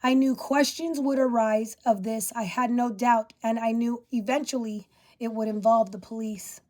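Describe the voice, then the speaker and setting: A woman reads a first-person story aloud, her voice sitting a little higher than most. She carries the spoken lines with quiet emotion and hardly changes her voice between the characters. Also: fairly even intonation, normal speed. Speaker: reader of her father's story.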